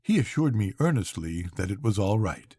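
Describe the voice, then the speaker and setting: An older man, a grandfather, reading a classic novel aloud to his grandchildren at bedtime in an unhurried, expressive way. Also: lowish voice, husky, dry recording, studio quality.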